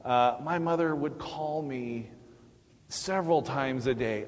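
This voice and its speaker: A middle-aged man giving a personal Mother's Day sermon in a church, with halting restarts and fillers. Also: a little high, lively intonation, a little hiss or hum. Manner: halting, many restarts and fillers, warm laughs. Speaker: church speaker. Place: church sanctuary. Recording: long hall reverb.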